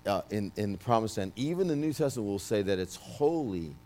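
Loud, emphatic New York man, low voice, delivering a prophetic word with restarts. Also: expressive, brisk. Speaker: minister giving a prophetic word. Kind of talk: prophetic ministry speech.

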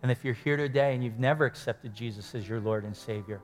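A male pastor delivering a heartfelt sermon, his voice pitched in an ordinary middle range. He presses his points with rising force, then sinks into quiet, prayerful tones, sometimes sounding choked up. Faint instrumental music plays softly underneath. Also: quick pace. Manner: earnest, rises to emphatic then softens to hushed prayer. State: choked up with emotion.

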